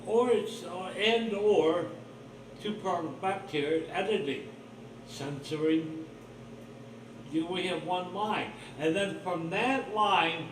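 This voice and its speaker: High-voiced man ranting conspiracies. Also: far from the mic, a little hiss or hum. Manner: conspiratorial, blunt and profane. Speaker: livestream host. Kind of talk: rambling solo livestream monologue. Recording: roomy echo, voice off-mic, faint ambience.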